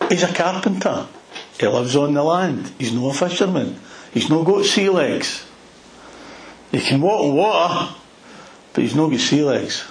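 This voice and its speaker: A man with a Glasgow accent preaching a sermon, retelling a Bible story in an animated way with plenty of local slang. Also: fairly high pitch, unhurried, pauses often, echoey room, a little hiss or hum, low-quality recording. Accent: Glaswegian Scottish. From Scotland. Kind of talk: expository sermon.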